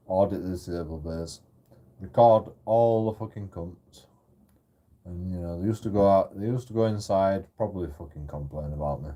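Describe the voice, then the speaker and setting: A man's voice: sits low, moderate pace, dark tone, dull audio. A man telling a sweary, rambling, indignant story in a casual vlog. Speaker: YouTube auditor and streamer.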